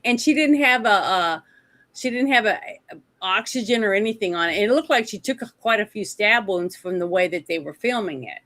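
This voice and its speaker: A woman's voice: medium pitch, expressive, fairly quick, a bit bright. A woman co-hosting a casual movie review podcast, retelling scenes in a rambling way with lots of asides. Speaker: podcast co-host.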